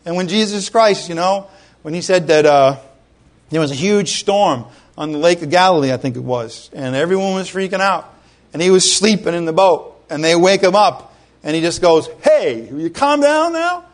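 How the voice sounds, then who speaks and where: Middle-aged male pastor from Rhode Island, high voice, chatty animated sermon with congregation asides. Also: moderate pace.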